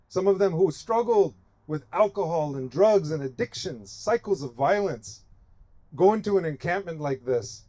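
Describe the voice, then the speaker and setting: A man speaking in a slightly high register with a mellow, warm tone. He gives an impassioned rally speech to a protest encampment. He drives his points home with emphatic, repeated phrases. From United States. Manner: emphatic, repetitive rhetorical cadence.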